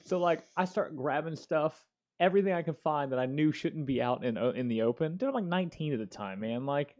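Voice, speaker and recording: A man in his thirties hosting a casual talk show, telling a story in an animated, slangy way. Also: on the high side, a little fast. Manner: slangy, animated, peppered with "dude" and "yo". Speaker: podcast host.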